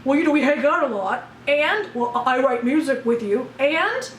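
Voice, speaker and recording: A woman's voice: high voice, expressive, moderate pace, a little hiss or hum, voice pushed down. A woman mimicking an awkward young man who stammers and hedges with "well" and "uh" as he makes excuses. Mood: sheepish. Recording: roomy echo, voice from off the mic.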